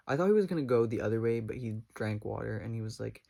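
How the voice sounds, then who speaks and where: Gravelly-voiced guy telling a dramatic story. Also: fairly low pitch, lively intonation, quick pace, warm tone. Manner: rambling, many "like" fillers; dramatic retelling. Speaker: vlogger. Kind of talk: casual storytime.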